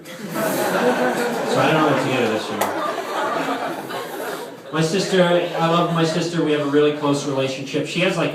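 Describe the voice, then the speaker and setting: Rambling young man doing live stand-up. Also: mid-range voice. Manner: rambling, loaded with "like" fillers. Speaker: camp counselor doing stand-up. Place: camp hall with live audience. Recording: echoey distant room with noise.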